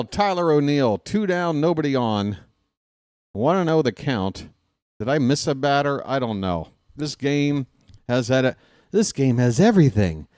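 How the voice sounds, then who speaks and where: An excitable male play-by-play host who jokes his way through a live game and swings from shouting to mumbling. His delivery is unhurried but his pitch is very lively, and the close mic leaves the sound dry. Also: smooth, dry recording. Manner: excitable and jokey, swinging from shouted calls to mutters. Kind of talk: casual live fan commentary.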